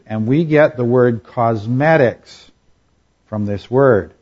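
A man delivers a Bible teaching in a relaxed, conversational way and keeps checking in with his listeners. His voice sits at a middle pitch. The recording is a little dull and lo-fi. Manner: conversational, with frequent checks like "all right?" and "okay?"; reads scripture aloud at a measured pace. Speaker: preacher.

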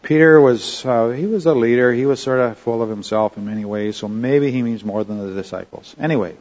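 A man's voice: medium pitch, fairly quick, darkish tone, lo-fi sound. A man teaching a Bible study lesson in a conversational way, often checking in with his listeners.

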